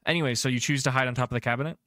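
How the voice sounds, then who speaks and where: A man narrating as game master in a tabletop game, chatty and descriptive and filling his pauses with um and uh. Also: mid-range voice, fairly even intonation, a bit bright, no echo, clean studio sound.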